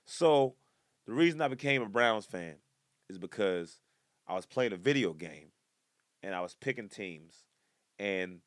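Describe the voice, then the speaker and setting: A man hosting a comedy podcast, rambling casually from one topic to the next with joking asides and sudden loud excited outbursts. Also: on the low side, a little slow, pauses often, no room sound, studio quality.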